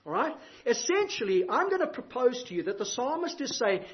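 A man's voice: extremely high pitch, big pitch swings, brisk, few pauses, muffled recording. A man preaching a sermon, using rhetorical questions and emphatic, varied delivery.

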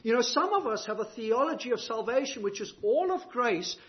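High-voiced preacher, lo-fi. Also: male voice, expressive, brisk. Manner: rhetorical questions, emphatic and varied delivery. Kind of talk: sermon.

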